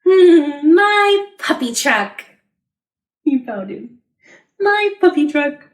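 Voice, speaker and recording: A female children's librarian reads a picture book aloud to kids in a high, lively storytime voice that is slow and echoey. She's animated, adding sound effects and asking the children questions.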